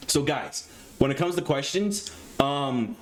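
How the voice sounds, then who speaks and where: A man's voice: mid-range voice, animated, slow. A man hosting a live stream between interview segments, talking to his chat in a jittery, self-deprecating way with nervous laughter. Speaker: stream host interviewing a voice actor.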